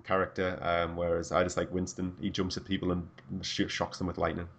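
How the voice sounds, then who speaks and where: A man with a northeast English accent chatting casually on a podcast, animated and swearing freely. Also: sits low, a little fast, creaky, slight background noise. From North East England, near Durham. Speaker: podcast co-host. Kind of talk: casual chat.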